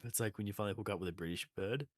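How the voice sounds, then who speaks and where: A man's voice: on the low side, rapid-fire, no room sound, studio quality. A man co-hosting a podcast, chatting casually and joking, often slipping into silly put-on accents. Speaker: podcast co-host. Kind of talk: casual chat.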